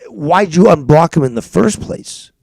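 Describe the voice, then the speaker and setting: Gravelly, confrontational male stream host. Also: a little high, animated, unhurried, a little mellow. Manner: confrontational, swears constantly. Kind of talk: heated call-in argument.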